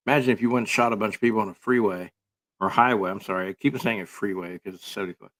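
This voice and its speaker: A man's voice: fairly low pitch, rapid-fire, a bit bright. A man giving casual, rambling commentary full of sarcastic jokes and filler words.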